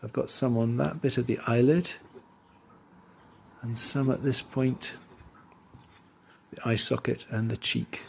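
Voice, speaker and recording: A man teaching drawing, talking through his steps as he works and trailing off quietly into asides. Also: mid-range voice, steady tone, slow pace, vocal fry, long pauses, a little hiss or hum. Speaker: art teacher. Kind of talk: drawing tutorial voice-over.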